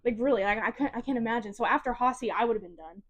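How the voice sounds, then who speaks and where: A young woman with a high voice chats casually on a podcast. She tells her stories in an animated way and laughs often. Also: fast talker. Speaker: podcast co-host. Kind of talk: casual chat.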